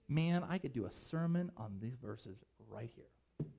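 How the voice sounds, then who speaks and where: A man preaching a sermon as pastor, emphatic and animated, with conversational asides. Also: medium pitch, moderate pace, creaky.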